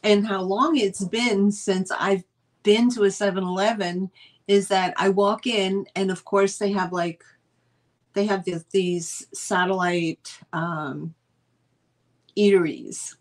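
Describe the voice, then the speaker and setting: A woman's voice: mid-range voice, fairly even intonation, slow pace. A woman, hosting a live sale stream and chatting in a rambling, casual way with lots of fillers.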